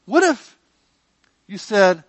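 A man's voice: high voice, big pitch swings, takes it slowly, dry recording. Conversational man preaching a sermon. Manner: conversational, frequent "right?" check-ins. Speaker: pastor. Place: church.

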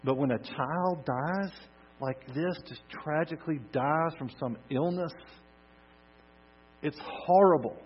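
A man preaching a sermon, swinging from loud emphasis to soft, hushed lines. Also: a little high, takes it slowly, slightly rough. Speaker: pastor. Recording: dull lo-fi recording with mains hum.

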